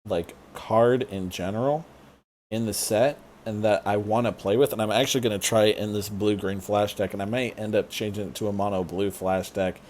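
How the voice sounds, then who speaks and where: A man with a lowish voice chats casually on a podcast, pausing often with fillers as he thinks aloud. A faint hiss sits under the recording. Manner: relaxed, hesitant with many fillers. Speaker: podcast co-host. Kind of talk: casual chat.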